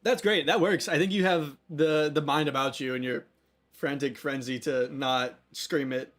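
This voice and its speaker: A man's voice: fairly high pitch, fairly even intonation, moderate pace, a bit bright. A young man running a tabletop game as game master, casual and joking, often breaking into laughs.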